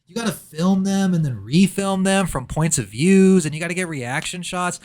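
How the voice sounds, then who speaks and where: A man's voice: high-pitched, moderate pace, a little mellow. A man reviewing a horror movie in casual chat, ranting sarcastically with mock outrage.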